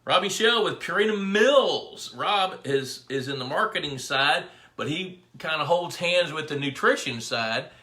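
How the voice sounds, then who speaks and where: A middle-aged man chats on a live stream from an echoey room, his voice bright and slightly high. He rambles from story to story and calls out viewers by name. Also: animated, a little slow, hardly any pauses. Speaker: fisheries biologist hosting a live pond Q&A. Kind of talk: casual live-stream chat. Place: indoor room with his dog.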